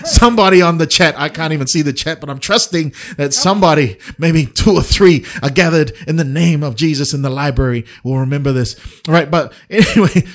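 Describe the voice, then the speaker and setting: Middle-aged male preacher, slightly high voice, chatty sermon full of questions to the room. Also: brisk. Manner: conversational, rhetorical questions to the audience. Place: online service with a chat.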